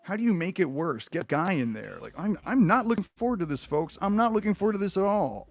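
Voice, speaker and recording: A man's voice: high voice, very animated, fast. Profane ranting male streamer. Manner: profane, sarcastic, exasperated. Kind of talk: ranting reaction commentary.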